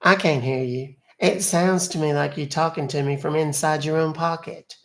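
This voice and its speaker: A man's voice: fairly high pitch, fairly even intonation, normal speed, gravelly, a bit bright, pitched above the performer's own voice. A man voicing a fussy older lady on a phone call, sassy and talking down to the caller as "honey". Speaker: scambaiter. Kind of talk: prank call role-play.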